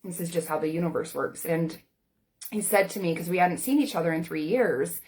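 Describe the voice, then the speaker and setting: A woman's voice: lowish voice, brisk, a little mellow. A woman in her forties, a life coach, talking candidly to camera in a casual, earnest way with plenty of everyday fillers. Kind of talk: personal talk to camera.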